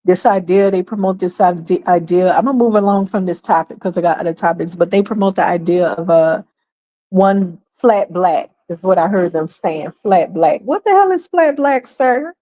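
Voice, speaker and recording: Woman livestream host, from New York, sarcastic ranting commentary, warm dark tone. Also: on the low side, fairly even intonation, normal speed. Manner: emphatic, sarcastic, rants with rhetorical questions. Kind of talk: opinionated commentary.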